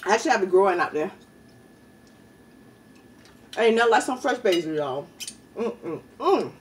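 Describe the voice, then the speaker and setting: A woman's voice: mid-range voice, lively intonation, normal speed, distant mic, a little hiss or hum. A woman hosting a mukbang video at home, chatting in slang between bites and laughing often. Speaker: YouTube mukbang host. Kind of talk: casual eating-show chat.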